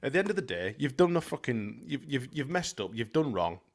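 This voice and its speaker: A man's voice: mid-range voice, sing-song, fairly quick. A man hosting a fan podcast, ranting bluntly with plenty of swearing. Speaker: podcast host. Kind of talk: casual podcast chat.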